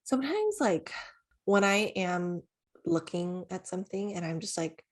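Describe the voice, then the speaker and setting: A young adult woman co-hosting a podcast in casual chat, relaxed and loose with "like" fillers and laughs. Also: fairly low pitch, moderate pace. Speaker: podcast co-host.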